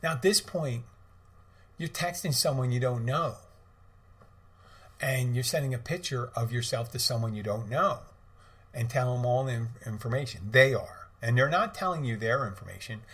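A man's voice: medium pitch, normal speed, a bit bright. A middle-aged man hosting a podcast, telling a story in a rambling, casual way with many restarts and asides. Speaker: podcast host.

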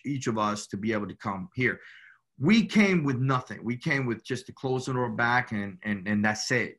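A man from Cuba talks as an interview guest, telling his story in a loose, rambling way. He keeps adding "you know" and "man" as he goes. His voice is bright and forward. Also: medium pitch. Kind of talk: casual storytelling.

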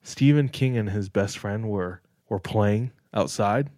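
A young podcast co-host tells stories in laid-back, casual chat, saying "like" and "dog" a lot. His voice is lowish and warm, his pace slow, in a dry, studio-quality recording.

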